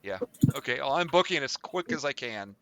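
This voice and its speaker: A man's voice: mid-range voice, animated, a little fast, gravelly, fairly bright tone. A man playing a tabletop game, eagerly working through the rules aloud. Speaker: player. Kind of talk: casual tabletop game chat.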